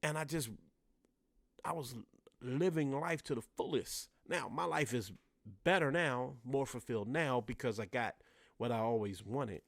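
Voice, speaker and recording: Dc guy doing a solo podcast rant, talks right at the fellas, mid pitch, dry close sound. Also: a little slow, vocal fry, no echo. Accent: Washington DC. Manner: emphatic, repeats phrases for stress, addresses listeners directly. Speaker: podcast host.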